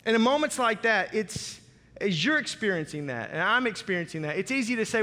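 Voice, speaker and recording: High-voiced man preaching in a hall. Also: lively intonation, a little fast, pushed and bright. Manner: emphatic dramatic preaching with repeated phrases. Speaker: pastor. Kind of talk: sermon.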